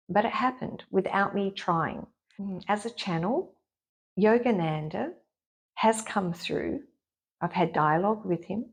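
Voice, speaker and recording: Woman, middle-aged, breathy edge, candid, animated storyteller, interview guest. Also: medium pitch. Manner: frank and lively, acts out her own inner voice. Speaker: intuitive therapist guest.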